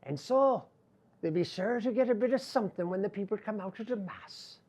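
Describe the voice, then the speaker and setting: An Irish man voicing a small, patient male fairy who explains things gently in a storybook tale. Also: high-pitched, fairly quick, slightly rough. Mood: explaining.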